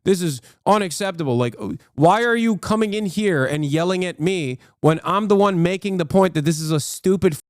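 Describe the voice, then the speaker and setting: A man's voice: on the high side, darkish tone, smooth, no echo, studio quality. A man streaming live reaction commentary, ranting combatively, swearing a lot and cutting himself off with fillers. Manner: fast, with many fillers and self-cut swear words. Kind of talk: casual livestream reaction commentary.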